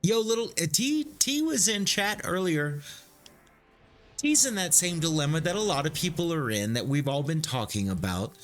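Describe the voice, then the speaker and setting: With soft background music playing, a man with a fairly high, slightly bright voice talks at normal speed, very animated. He streams a game live and chats casually with viewers, cursing freely.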